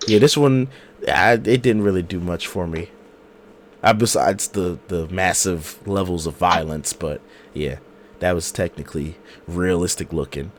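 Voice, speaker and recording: Hoarse man telling a story on a call. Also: low voice, unhurried, slight background noise. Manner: animated storyteller, slangy. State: hoarse from a cold. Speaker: podcast co-host. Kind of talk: casual chat. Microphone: video call.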